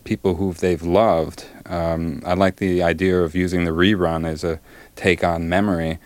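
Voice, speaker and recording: A middle-aged man, a novelist, answering interview questions thoughtfully with many pauses and fillers, and reading from his book. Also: low voice, little pitch movement, no room sound.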